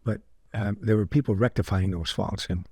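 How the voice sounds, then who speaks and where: An older man, a comedian guest, telling anecdotes in an interview with lively restarts. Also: fairly low pitch, moderate pace, vocal fry, slightly rough, dry recording. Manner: anecdotal, animated with repeated restarts. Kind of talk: storytelling interview.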